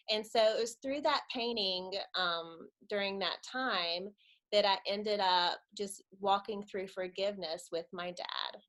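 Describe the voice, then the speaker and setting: A woman in her thirties tells a personal faith story to a church audience. Her voice is bright and clear, and she is relaxed and conversational. She laughs easily between her thoughts. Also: mid-range voice, a little slow. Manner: chatty storyteller, laughs often. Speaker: church webinar speaker. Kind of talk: personal testimony talk.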